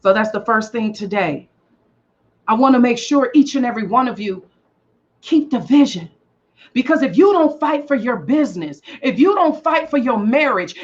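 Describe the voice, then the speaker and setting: A woman giving a motivational talk in a preaching style, repeating lines and rising to shouts for emphasis. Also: sits high, lo-fi sound. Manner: repetitive call-and-response preaching, shouting for emphasis. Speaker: motivational speaker.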